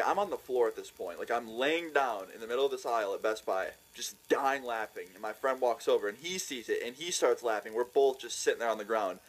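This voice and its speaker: A young man telling a funny story for a vlog, excitable and profane, laughing as he goes. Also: medium pitch, slightly rough, low-quality recording. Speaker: vlogger.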